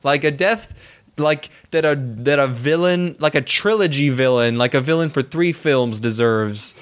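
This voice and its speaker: A man's voice: fairly high pitch, measured pace. A man ranting casually and crudely about bad movies with a friend, mocking and rambling.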